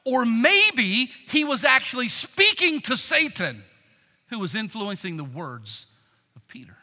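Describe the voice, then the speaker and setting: Pastor, male, animated sermon delivery, high and very expressive, hall reverb. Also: slow pace. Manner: animated, dramatic preaching with acted quotes.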